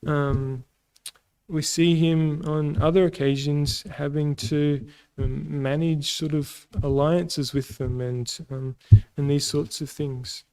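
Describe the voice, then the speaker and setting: An Australian man teaching a casual Bible lesson, pausing often with ums and restarts. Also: fairly high pitch, flat delivery, a little mellow, smooth, poor audio. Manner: halting, many ums and restarts.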